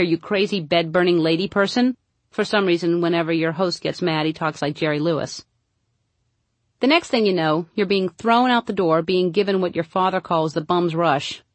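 A woman narrates her humorous audiobook in a wry, dry comic manner. Her voice sits a little low, and it is recorded close with no room echo at all. The delivery stays steady and knowing as she reads.

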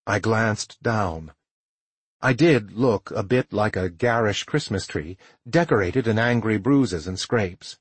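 A man narrating a first-person audiobook in a measured, tired storytelling manner with a husky voice. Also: lowish voice, expressive, no echo.

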